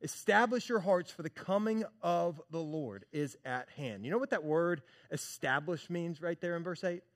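Animated preacher man. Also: fairly high pitch, moderate pace. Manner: animated preaching, swings from hushed to loud; conversational, addresses congregation as church and y'all. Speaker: pastor. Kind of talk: sermon.

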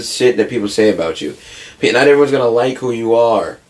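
A man's voice: mid-range voice, animated, a little fast, a little mellow. Blunt, sarcastic man on a podcast. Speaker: podcast guest. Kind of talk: casual chat.

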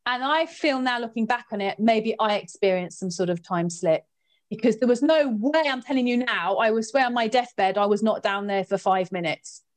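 Woman guest, slightly high voice, lively anecdotal storyteller. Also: normal speed. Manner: lively, expressive, jumps in pitch when recounting drama. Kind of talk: animated anecdote telling.

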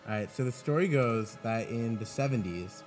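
A man telling a spooky story on a podcast, in a halting way with many pauses. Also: mid-range voice, lively intonation, a little mellow, faint music behind. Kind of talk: casual storytelling.

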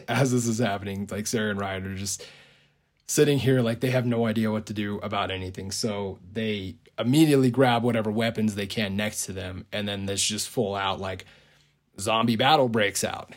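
A man's voice: lowish voice, normal speed. A man casually retelling a movie idea on a podcast, rambling with lots of "like" and frequent chuckles. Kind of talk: casual storytelling.

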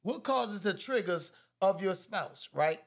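A man's voice: sits high, lively intonation, measured pace, creaky. A man giving marriage advice in a casual chat with his wife, laughing often, repeating himself and quoting scripture.

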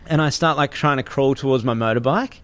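A young Australian man telling a story in casual chat, animated, swearing freely and acting out the people in it. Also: medium pitch, brisk, no room sound.

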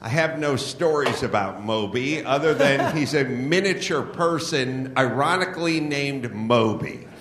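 In an echoey live venue, a middle-aged man hosts a comedy podcast, ranting bluntly and profanely as he mocks things for a live audience. His mid-range voice runs a little slow with hardly any pauses, over a noisy background.

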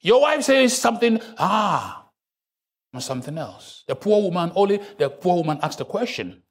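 A male pastor preaching a sermon in church, joking with the congregation and breaking into sudden loud rises. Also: high-pitched, very animated, normal speed.

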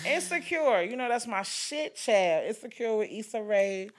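A woman hosting a podcast in casual pop-culture chat, blunt and profane, acting out quotes with animated asides. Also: mid-range voice, moderate pace. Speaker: podcast host.

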